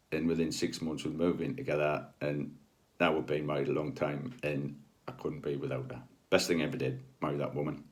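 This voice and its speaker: Deep-voiced man telling stories. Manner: chatty, rambling, with many ums and asides. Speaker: spiritual healer. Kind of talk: casual anecdotal storytelling.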